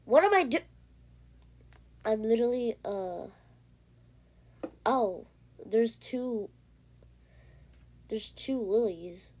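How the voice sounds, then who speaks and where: Brief: woman gamer, slow unhurried chatter, heavy breathing, excitable and rambling, recorded on a tablet. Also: on the high side. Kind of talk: casual gameplay commentary. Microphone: iPad.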